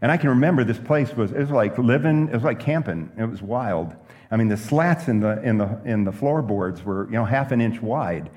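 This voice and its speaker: A pastor preaching a sermon, telling stories and asking the room questions. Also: male voice, mid-range voice, fairly quick, long reverb tail. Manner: lively preaching with stories and asides.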